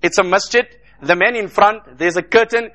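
A man's voice: high-pitched, normal speed, pushed and bright. A man from South Africa giving an emotional sermon, telling stories in repetitive rhetorical phrases mixed with Arabic. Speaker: Islamic speaker.

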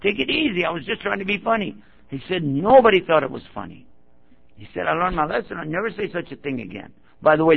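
A man's voice: on the high side, gravelly. A man preaching to a gathering, telling a story and acting out the quotes of the people in it. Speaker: Islamic preacher. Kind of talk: sermon-style storytelling. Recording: dull lo-fi recording.

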